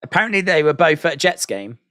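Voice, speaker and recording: A man commentating casually over a live stream, chatty and quick to laugh at what he hears. His voice sits a little high, and the sound is dry and close to the mic. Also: very animated, sharp tone, dry recording. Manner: chatty, reacting with laughs and asides. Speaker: host of a wrestling watch-along stream.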